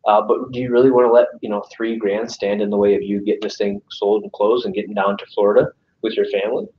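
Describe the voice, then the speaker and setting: This fast-talking sales trainer has a lowish, steady voice and addresses a live audience in a meeting room. His talk is casual and conversational, peppered with "right?", and he acts out client phone calls. Slight background noise sits on an echoey, distant, dull room recording.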